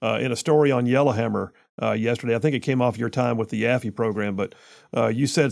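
A man hosting a radio talk show, chatty and quick, with lots of stumbling restarts. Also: mid-range voice, creaky, a little mellow, no echo, clean studio sound. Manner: chatty, stumbling restarts, rushes when he gets going.

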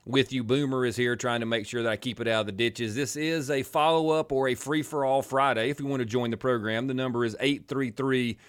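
A man's voice: mid-range voice, steady tone, fairly quick, hardly any pauses, smooth. A middle-aged man with a twangy Alabama accent hosting a talk radio show, rambling through casual banter with joking asides. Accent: Southern US (Alabama).

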